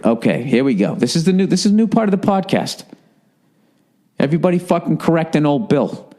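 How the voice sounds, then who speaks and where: A man's voice: fairly high pitch, big pitch swings, a little fast, dark tone. A man with a Boston accent in his forties hosting a comedy podcast, who swears a lot and gets indignant while reading out a listener's email. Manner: profane, indignant ranting, reads a listener's email aloud. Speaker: podcast host.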